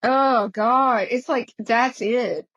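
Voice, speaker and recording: A woman's voice: fairly high pitch, drawn-out words, fairly bright tone, dull audio. A woman with a Southern American accent co-hosting a casual podcast chat, getting emotional as she quotes favorite lines. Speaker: podcast co-host.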